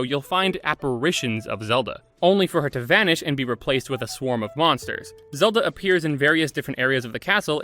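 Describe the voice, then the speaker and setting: Bright-voiced opinionated young man. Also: medium pitch. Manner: enthusiastic, opinionated, casual asides. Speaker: video essayist. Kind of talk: scripted game review narration.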